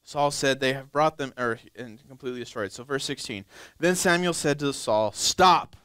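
A young male pastor preaching a sermon, reading scripture slowly and acting out pleading churchgoers in a higher voice. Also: fairly bright tone, clean tone, no room sound. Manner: reads scripture slowly, then acts out pleading churchgoers in a high voice.

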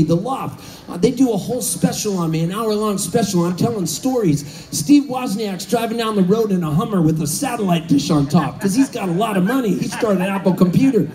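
A man in his fifties telling comic stories between songs on a concert stage, animated and shouting out his punchlines. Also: very high-pitched. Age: 50s. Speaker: singer-songwriter on stage. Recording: live concert audio from a distance.

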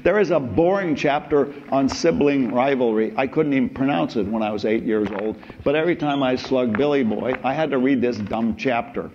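An older male professor lectures in a loose, anecdotal way, drifting into wry stories and side remarks. His voice sits at a middle pitch. The recording is dull and lo-fi, with a faint hiss under it. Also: normal speed, few pauses, a little mellow. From United States. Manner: wry, rambling, chuckling asides. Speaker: philosophy professor. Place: lecture hall.

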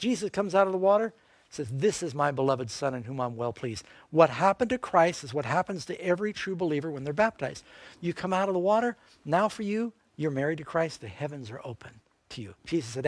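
Older guy preaching, a bit high-voiced, punchy, asks the crowd questions, dry sound. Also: no room sound. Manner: emphatic, asks rhetorical questions. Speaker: evangelist preacher. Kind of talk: sermon.

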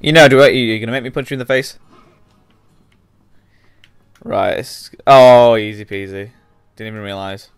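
Young british guy chatting over a video game, talks back at the characters, smooth voice, dry mic. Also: medium pitch, normal speed, long pauses, no echo. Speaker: gamer. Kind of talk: let's play commentary.

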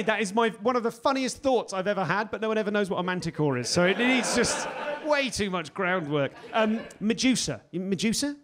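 British man, forties, stand-up comedian, high-pitched voice, faint background noise. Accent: British English. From England. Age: 40s. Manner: animated storytelling with sudden loud outbursts. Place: comedy stage before a live audience.

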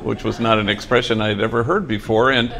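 A priest who runs a program for former gang members gives an inspirational talk to its trainees in the program's own building, telling a story with folksy dry humor and bits of Spanish slang. His voice is lowish and creaky with fairly even intonation, he speaks fast, and the background is noisy.

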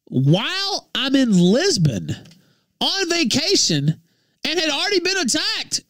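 A man from Memphis, ranting profanely on his livestream, jumping between shouts and low mutters. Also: wildly swooping pitch, takes it slowly, no room sound, studio quality. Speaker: livestream host.

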